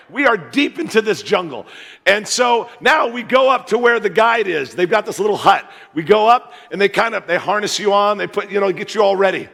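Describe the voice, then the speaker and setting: A man from the US in his fifties preaches with a raised, gravelly voice, ribbing the crowd as he tells a story. His voice carries through a big church sanctuary with a long, ringing echo. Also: high voice. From United States. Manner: joking, animated storyteller who plays to the crowd. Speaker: guest pastor. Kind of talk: humorous sermon storytelling. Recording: reverberant church hall.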